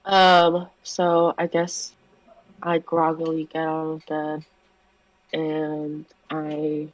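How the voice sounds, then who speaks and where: Tabletop player, slow unhurried speech, hesitant with fillers, dry close mic. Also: mid-range voice, darkish tone, no room sound, low-quality recording. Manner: hesitant, lots of "um" and "I guess". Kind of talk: casual tabletop play.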